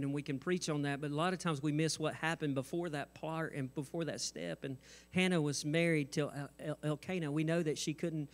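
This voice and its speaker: A man preaches from a church stage in a slightly high voice. He moves between lighthearted asides and growing fervor, talking straight to his congregation. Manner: jokes and asides, rising intensity. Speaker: pastor. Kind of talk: sermon.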